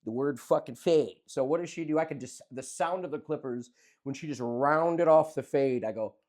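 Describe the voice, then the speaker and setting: A man co-hosting a casual podcast, telling a rambling, animated story and swearing freely. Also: fairly high pitch, normal speed. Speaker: podcast co-host. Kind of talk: casual chat.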